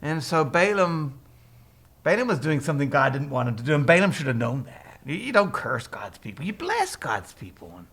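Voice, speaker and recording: A man retelling a Bible story in a casual, animated way, laughing often and breaking into character voices. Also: a little high, moderate pace, creaky, husky.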